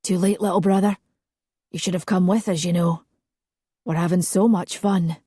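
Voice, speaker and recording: A woman's voice: on the low side, fairly even intonation, normal speed, warm tone, breathy edge, dry recording, clean studio sound. A woman voicing a smug older brother who speaks in a mocking, self-assured way. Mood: taunting.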